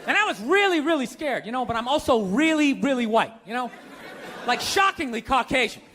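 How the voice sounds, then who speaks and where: A man's voice: very high-pitched, lively intonation, brisk. A man performing a stand-up routine, rambling and self-mocking with lots of "you know.". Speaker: stand-up comedian. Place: comedy stage. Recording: live club with loud crowd noise.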